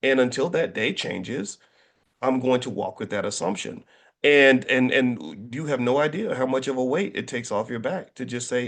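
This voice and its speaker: A middle-aged man talks to a crowd with a lively, swooping pitch that jumps up when he gets excited. He tells stories with jokes and stumbles over his words, restarting sentences as he goes. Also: normal speed, gravelly. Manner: animated, joking storyteller with many restarts. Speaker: finance educator and speaker. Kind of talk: casual talk to an audience.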